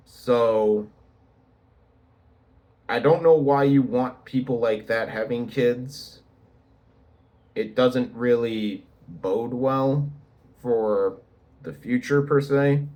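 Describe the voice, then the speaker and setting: A young man rambling sarcastically in a casual video commentary, with lots of restarts. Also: fairly low pitch. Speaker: YouTuber. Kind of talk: casual talking-head commentary.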